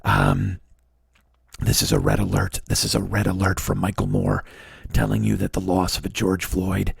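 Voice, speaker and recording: A self-important documentary maker delivers a grim bulletin in a low, hushed, slow voice, pausing heavily between phrases, as a male comedian puts him on. The tone is gravelly and a little husky. It is mock-serious from start to finish. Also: completely flat delivery, dry recording, studio quality, exaggerated voice. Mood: mock-somber.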